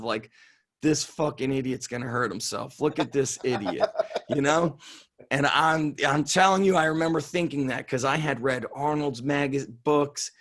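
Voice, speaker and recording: Interview guest: a middle-aged man from Israel, a strength coach, telling animated and profane stories at an average pitch. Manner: animated, profane, acts out quoted voices. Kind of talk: casual storytelling interview.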